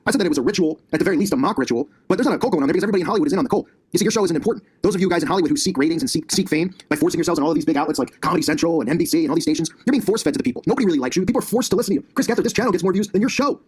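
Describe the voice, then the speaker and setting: A man's voice: on the high side, animated, very fast, hardly any pauses, a little mellow, breathy edge. A man hosting his own commentary channel, ranting combatively and sarcastically, recorded on a laptop in his basement. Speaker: conspiracy commentary channel host. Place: home basement.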